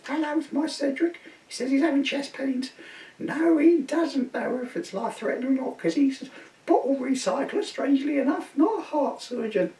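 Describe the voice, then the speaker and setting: Man doing shrill old lady, fussing and exasperated, very high and loud, roomy distant sound with faint hiss. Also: normal speed. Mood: flustered. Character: flustered elderly English woman on the phone.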